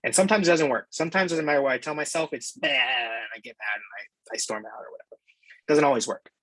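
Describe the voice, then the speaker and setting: A husky-voiced man speaking as an interview guest, candid and reflective, with the odd casual swear word. His voice is recorded dry, with no room sound around it. His pitch sits in the middle of the male range. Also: quick pace, a bit bright, no echo, low-quality recording.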